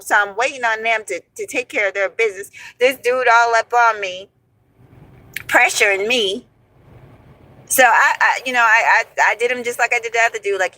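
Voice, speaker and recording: A woman in her forties telling a story from her past in a casual, animated, profane way, calling her listeners honey and y'all. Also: a little high, normal speed, dry recording, low-quality recording. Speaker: storyteller host.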